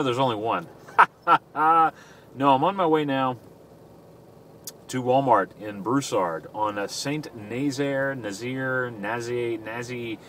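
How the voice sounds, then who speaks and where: A man's voice: medium pitch, a bit bright. Middle-aged guy vlogging from his car, jokey and rambly, mic kinda far, faint road hum. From southern Louisiana. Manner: rambling, joking, self-mocking. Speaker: radio fill-in DJ and vlogger. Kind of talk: casual vlog while driving. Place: inside a car. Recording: mic a bit distant, faint road noise.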